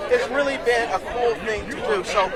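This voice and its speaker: A man's voice: very high-pitched, normal speed. A man reporting live while walking, out of breath and upbeat, on a street outdoors. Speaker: field reporter. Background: cheering crowd.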